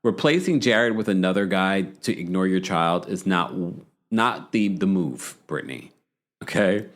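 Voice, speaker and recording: A man hosting a reality TV recap podcast, telling the story in an animated, gossipy way and checking in with "okay?" asides. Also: low-pitched, measured pace. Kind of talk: casual chatty recap.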